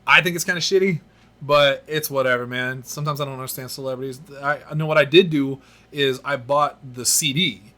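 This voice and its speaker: A man hosting a podcast, telling stories in an animated, self-mocking way. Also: mid-range voice, brisk. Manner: animated storyteller, laughs at himself. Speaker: podcast host. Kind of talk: casual podcast chat.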